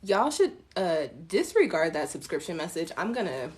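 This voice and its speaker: A woman tarot reader chatting casually with viewers on a home live stream, relaxed and self-mocking. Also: lowish voice, moderate pace. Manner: relaxed, chatty, laughs at herself, addresses viewers as y'all.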